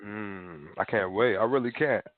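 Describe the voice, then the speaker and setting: A man's voice: lowish voice, a little slow, no echo. A man hosting a radio interview, giving short reactions and laughing along with his guest. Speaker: radio show host. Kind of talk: casual interview chat. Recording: dry, tinny phone-like line.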